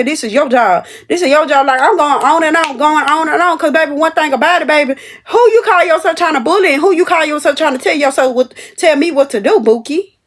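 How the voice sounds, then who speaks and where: A young woman telling a story about her cashier job to her viewers, animated and emphatic. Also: high voice. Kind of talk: casual storytelling to camera.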